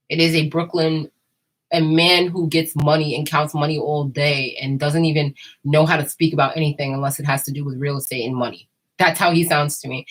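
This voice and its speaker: A woman's voice: deep voice, a bit bright, low-quality recording. A woman chatting casually and candidly, rambling and laughing often. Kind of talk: casual chat.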